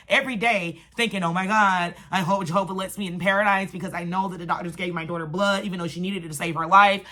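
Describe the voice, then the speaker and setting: A woman, telling a story on her vlog in a ranting, animated manner. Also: medium pitch. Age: adult, has a daughter. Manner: animated, vents and rants, quick shifts. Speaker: vlogger.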